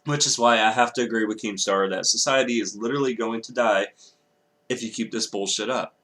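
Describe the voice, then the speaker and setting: Young guy from texas going off in an angry sweary rant, lowish voice, keeps saying sorry. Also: moderate pace, a bit bright. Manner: angry, profane ranting with apologetic asides. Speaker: vlogger. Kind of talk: ranting commentary vlog.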